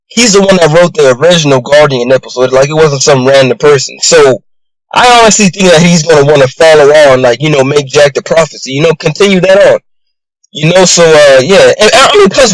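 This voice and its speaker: A man's voice: a little high, no echo, low-quality recording. A man giving a casual, rambling recap of a show episode, full of fillers like "you know" and "bro". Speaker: YouTube show reviewer.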